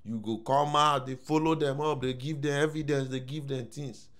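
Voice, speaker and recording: A man with a Nigerian accent giving casual opinion commentary, animated and slipping into Pidgin. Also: medium pitch, moderate pace. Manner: animated, mixes Pidgin, repeats "I don't know if I'm shouting".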